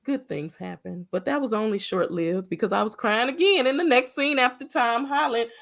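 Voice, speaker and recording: A woman's voice: a little high, normal speed, vocal fry. A woman co-hosting a casual movie recap, acting out her reactions dramatically. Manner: animated, acts out her own reactions, dramatic. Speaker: podcast co-host.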